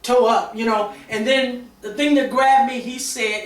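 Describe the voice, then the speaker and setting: A woman's voice: on the high side, steady tone, a little slow. Middle-aged woman, talk panelist, heartfelt confessional storytelling, off-mic in a roomy space. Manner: emotional, candid, many fillers and restarts. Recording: roomy sound from a distance.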